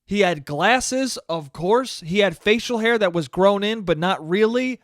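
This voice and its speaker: A man with a high voice rants his way through a comedic solo podcast story, full of swearing and asides. He talks right into a close mic, and the sound is completely dry. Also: animated, unhurried, a bit bright, dry recording. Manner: profane, ranting storyteller. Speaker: podcast host.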